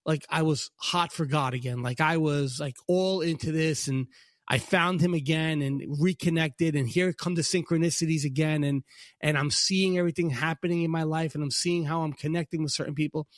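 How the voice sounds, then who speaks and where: A middle-aged man with a Brooklyn accent, co-hosting a casual faith podcast and telling a lively story, acting out dialogue as he goes. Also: normal speed, no echo, studio quality. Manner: animated storyteller, acts out God's lines in a higher voice. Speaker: podcast co-host.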